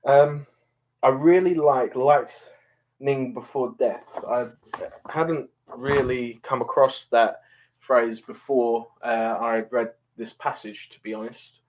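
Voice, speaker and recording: A man's voice: mid-range voice, fairly even intonation, slow, darkish tone. A man casually talking about a play he just read, hesitant and rambling with many fillers but enthusiastic. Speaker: reader discussing Shakespeare. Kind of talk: casual spoken commentary.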